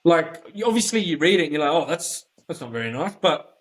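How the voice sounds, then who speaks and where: A man's voice: fairly high pitch, big pitch swings, quick pace, low-quality recording. Blunt, sweary Australian man. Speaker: podcast guest, offroad YouTuber. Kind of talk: casual chat.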